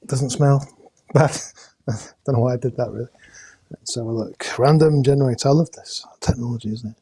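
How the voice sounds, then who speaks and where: A man hosts a relaxed live-stream raffle draw at a middling pitch. He chats loosely, pausing on hesitations and tossing in jokey asides. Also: slightly rough. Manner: chatty, halting with many uh's, jokey asides. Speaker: host drawing raffle prizes. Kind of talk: casual live-stream chat. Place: indoors at home with a camera crew.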